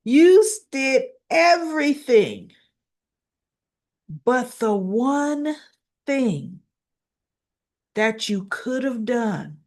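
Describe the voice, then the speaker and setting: A woman casually recapping a soap-opera episode in a chatty, animated way. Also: high voice, drawn-out words, pauses often. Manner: chatty, animated retelling with laughs.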